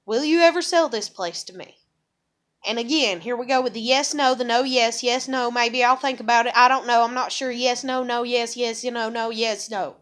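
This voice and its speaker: A woman's voice: a little high, fairly even intonation, normal speed, few pauses, fairly bright tone. A woman venting angrily to the camera, repeating herself and swearing heavily. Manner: angry, repetitive, swears heavily. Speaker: vlogger. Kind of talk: profane venting monologue.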